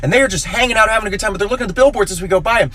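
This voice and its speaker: A young man telling comedic personal stories in an animated, playful way, jumping into high squeaky voices for quotes. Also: rapid-fire. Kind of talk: storytelling comedy clips.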